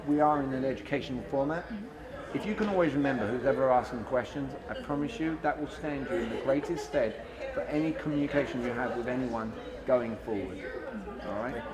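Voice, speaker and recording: Blunt animated man speaking to a crowd. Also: medium pitch, fairly quick. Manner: blunt, animated, acts out both sides of dialogues. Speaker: sales trainer. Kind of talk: talk to a live audience.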